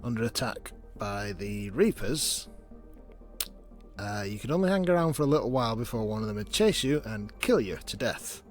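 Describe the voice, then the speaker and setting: Male gameplay host: chatty, wry, animated delivery over soft game music. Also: lowish voice, moderate pace. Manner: chatty, sarcastic, reads game text aloud. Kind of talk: casual gameplay commentary.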